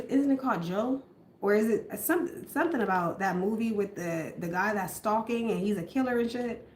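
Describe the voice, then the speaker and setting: A woman's voice: mid-range voice, darkish tone, slight background noise. A woman giving a casual tarot reading in a blunt, outspoken, profane manner. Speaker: tarot reader. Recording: roomy echo.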